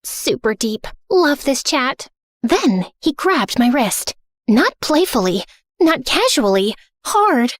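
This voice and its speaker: Sassy young woman narrating, high and lively. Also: slow pace, no room sound, studio quality. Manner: sassy, dramatic, sarcastic. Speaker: narrator and heroine. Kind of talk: first-person animated story narration.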